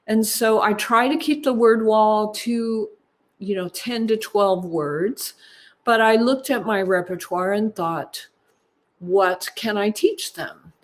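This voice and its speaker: A woman in her fifties, a choral music clinician, giving a teaching session at a conference in an unhurried, explaining way. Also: medium pitch.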